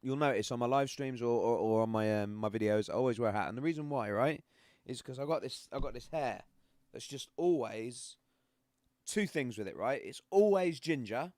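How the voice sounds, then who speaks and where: A man's voice: medium pitch, animated, normal speed, a little mellow, no room sound, clean studio sound. A middle-aged man with a northern English accent, chatting casually and rambling as a live-stream host at home, laughing often. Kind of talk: casual chat. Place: home room.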